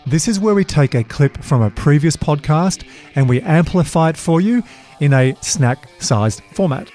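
A man hosting a podcast, talking in an energetic, emphatic way and telling animated stories. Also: on the high side, normal speed, soft background music. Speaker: podcast host. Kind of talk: casual podcast chat.

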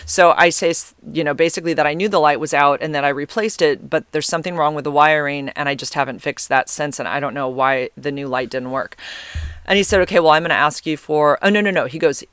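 A woman's voice: sits low, fast talker, clean tone, dry recording. Rambling woman telling a story, dry sound. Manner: rambling and animated, with frequent restarts and laughs. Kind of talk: casual personal storytelling.

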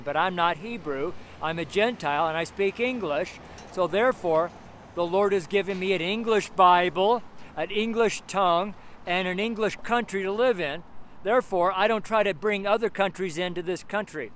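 High-voiced man preaching on the street. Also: a bit bright, a little hiss or hum. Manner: repetitive, emphatic preaching with frequent fillers. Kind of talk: street sermon and prayer.

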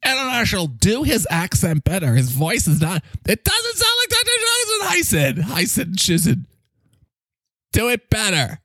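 A man voicing a cocky, needy male talking microphone that swoops in pitch and bursts into shouts. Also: wildly swooping pitch, normal speed, dry recording, clean studio sound, exaggerated voice. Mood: bossy. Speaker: podcast co-host character. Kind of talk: improvised comedy bit.

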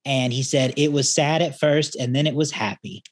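A man in casual conversation, telling a relaxed story about a film. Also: medium pitch, moderate pace, dry recording, studio quality. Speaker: podcast co-host. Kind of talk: casual movie review chat.

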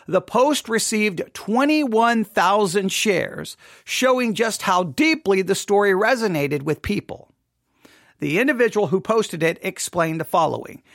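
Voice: medium pitch, a bit bright, no echo, studio quality. A host of a daily devotional talk in a casual style, reading article lines aloud, repeating phrases and asking listeners rhetorical questions. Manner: reads article lines aloud and comments on them.

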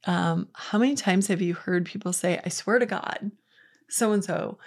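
A woman's voice: fairly low pitch, measured pace. A woman hosting a faith podcast, giving an earnest, conversational Bible teaching with quotes acted out. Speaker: podcast host.

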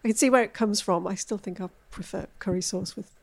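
A woman's voice: mid-range voice, fast talker, vocal fry. A woman, a food editor chatting as a podcast guest and telling stories with many fillers. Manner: chatty, animated storytelling, frequent fillers. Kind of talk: casual food chat.

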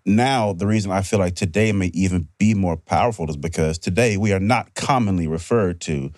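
A man's voice: sits low, fairly quick, darkish tone, no echo, clean studio sound. A man hosting a podcast in casual discussion, talking in an earnest, reflective way. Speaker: podcast host.

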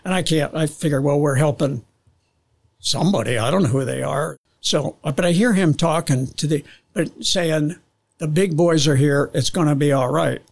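This older man talks in a slightly high voice, narrating his memories with lots of restarts. He slips into the voices of people on the radio as he tells them. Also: moderate pace, gravelly. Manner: animated storyteller, acts out radio calls, frequent restarts. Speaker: guest, veteran pilot. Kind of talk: casual storytelling interview.

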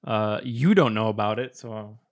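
Chatty podcast host, not American. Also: male voice, fairly low pitch. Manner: chatty, quick asides, laughs often. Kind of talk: casual podcast chat.

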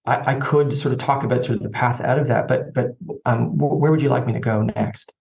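A man's voice: mid-range voice, steady tone, brisk, creaky, darkish tone. A man as a podcast guest, telling a personal story in an earnest, reflective way with frequent restarts. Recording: slightly dull lo-fi audio.

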